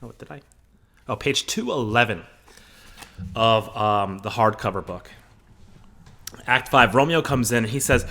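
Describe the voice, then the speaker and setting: A man's voice: mid-range voice, animated, moderate pace, fairly bright tone. A man teaching a play, reading the lines aloud with feeling and then explaining them in casual, joking asides.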